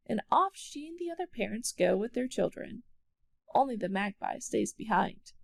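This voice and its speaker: A woman narrating a children's storybook aloud with expressive storytelling. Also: medium pitch, unhurried, gravelly.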